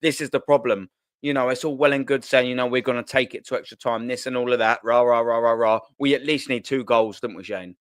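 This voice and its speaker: A man's voice: medium pitch, fairly even intonation, brisk, smooth, dry recording. A man hosting a casual football chat stream, rambling and cheeky, swearing freely. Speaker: host.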